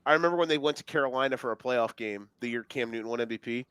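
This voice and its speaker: A man's voice: mid-range voice, racing, a bit bright, smooth, no echo. A man co-hosting a sports podcast, teasing and laughing often in casual chat. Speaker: podcast co-host.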